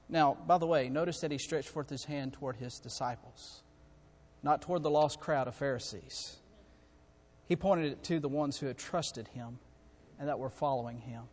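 A male preacher delivering an impassioned, repetitive sermon that swings from quiet to loud. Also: on the high side, animated, moderate pace, big-room sound.

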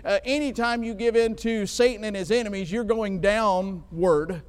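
A man's voice: sits high, normal speed, clear, resonant tone. Man, preacher, conversational sermon, long hall reverb. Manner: conversational, asks "right?" often. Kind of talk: sermon with scripture reading.

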